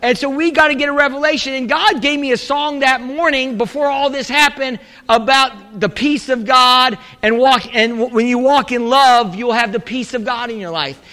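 A man preaching a sermon as a pastor, telling a rambling story with laughs, asides and sudden shouted exclamations. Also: extremely high pitch, normal speed, hardly any pauses. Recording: long reverb in a large hall.

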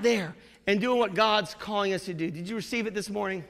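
High gravelly preacher in an echoing church. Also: male voice, fairly quick. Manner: swings from low storytelling to shouted exhortation. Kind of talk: sermon. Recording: long reverb of a church hall.

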